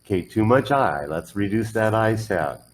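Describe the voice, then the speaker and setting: A man's voice: fairly low pitch, animated, normal speed, slight background noise, low-quality recording. A man teaching English pronunciation one on one, patiently modelling words and correcting the learner's drills.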